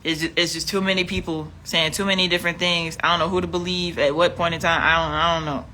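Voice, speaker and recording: Woman vlogger, bright forceful tone, blunt and profane. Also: on the low side, flat delivery, fast, slight background noise. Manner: blunt and profane, exasperated, repeats herself. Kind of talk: casual livestream rant.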